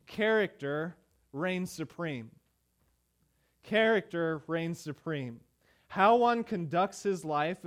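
A pastor preaching a sermon in a conversational way, with many "uh" fillers and emphatic repeated phrases. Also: male voice, a little high. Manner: emphatic rhetorical repetition.

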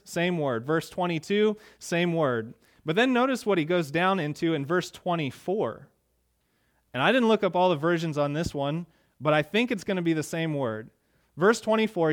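Man, pastor, sermon, fairly high voice, conversational, emphatic on quotes. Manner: conversational preaching, rising emphatic on quoted lines.

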